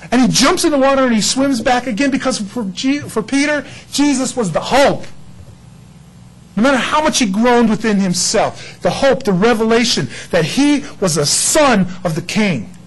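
A man's voice: very high-pitched, expressive, normal speed, poor audio. A man preaching a casual, storytelling sermon who acts out quoted characters and laughs often.

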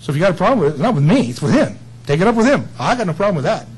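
A man preaching a sermon in a folksy, animated way, building up to emphatic peaks. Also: sits high, very fast, breathy edge, poor audio. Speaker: pastor.

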